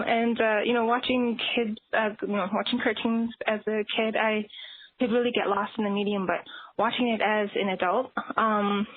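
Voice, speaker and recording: Shy woman on a tinny voicemail. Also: medium pitch. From Canada. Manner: shy, hesitant, many pauses and fillers. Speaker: listener leaving a voicemail. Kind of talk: voicemail message. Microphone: phone. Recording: tinny, dry phone voicemail.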